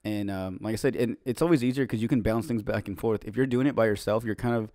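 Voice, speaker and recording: A man's voice: fairly low pitch, fast talker, dark tone, no room sound, studio quality. A man co-hosting a casual podcast, chatty and loose, full of "you know" fillers. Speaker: podcast co-host. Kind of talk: casual chat. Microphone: webcam.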